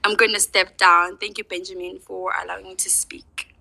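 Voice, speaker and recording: Angry, bright-voiced woman speaking out. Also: mid-range voice, level tone, normal speed, gravelly, rough recording. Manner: angry, emphatic, rhetorical questions. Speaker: speaker in an online audio discussion. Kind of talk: impassioned personal testimony.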